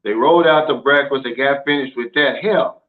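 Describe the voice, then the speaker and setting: A man's voice: mid-range voice, normal speed. A man hosting a casual vlog, talking in a folksy, emphatic way and reading out viewer comments. He is from the United States and often drops "man" into his sentences. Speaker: channel host. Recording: narrow phone-like sound.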